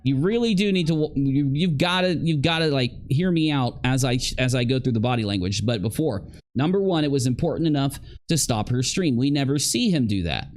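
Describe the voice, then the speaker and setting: A man giving casual livestream commentary, chatting straight to his viewers and acting out the reactions of the people in the clips. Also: medium pitch.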